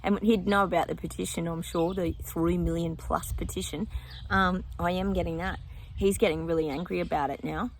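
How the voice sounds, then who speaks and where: A woman's voice: lowish voice, steady tone, moderate pace, a little hiss or hum. A woman psychic vlogging her predictions outdoors in casual chat, often breaking off to talk to her dog.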